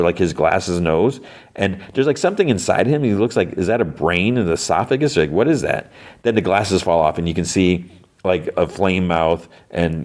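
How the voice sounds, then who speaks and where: A man hosting a podcast, recapping a cartoon episode in a rambling way full of fillers. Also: deep voice. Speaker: podcast host.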